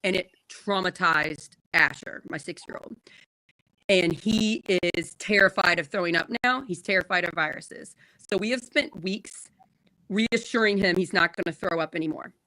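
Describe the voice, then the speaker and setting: A bright-toned woman in her thirties tells an embarrassing story in a relaxed chat. She is animated and laughs easily, and her voice sounds close and dry. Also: lowish voice, moderate pace, no echo, low-quality recording. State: recovering from surgery. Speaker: podcast co-host.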